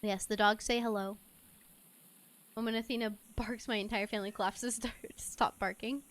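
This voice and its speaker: A woman's voice: on the high side, steady tone, moderate pace. A woman streaming a game and chatting casually, giggly and swearing offhand. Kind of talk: casual gameplay chat.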